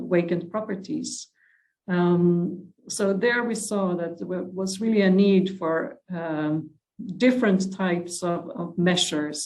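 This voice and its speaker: A woman with a Dutch accent joins a panel discussion over a remote video call, speaking softly in a lower register. She talks at an unhurried, slow pace, pausing often with halting fillers. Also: poor audio. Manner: hesitant, many fillers; soft-spoken, drops her voice.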